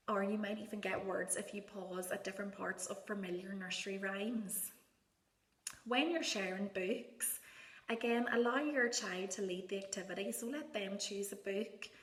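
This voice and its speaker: A woman speech therapist gives parents gentle, encouraging advice and models words in a soft sing-song voice. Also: medium pitch, moderate pace. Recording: echoey room.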